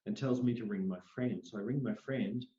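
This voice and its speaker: A middle-aged man, an interview guest, telling personal stories in an animated way and acting out the voices he quotes. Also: mid-range voice, brisk. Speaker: interview guest, psychic medium. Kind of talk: storytelling in a conversational interview. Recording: roomy, dull lo-fi sound.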